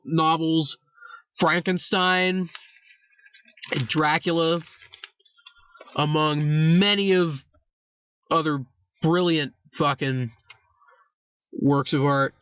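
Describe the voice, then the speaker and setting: A man's voice: fairly high pitch, fairly bright tone, dry recording, highs cut off. A young man hosting a casual history talk, rambling, correcting himself and swearing for emphasis. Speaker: host.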